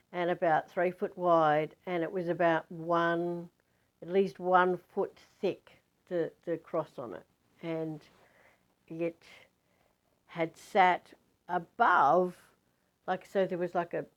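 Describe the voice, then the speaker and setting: Woman, lowish voice, rambling spiritual storytelling, dull lo-fi recording. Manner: rambling, chatty, many fillers and restarts.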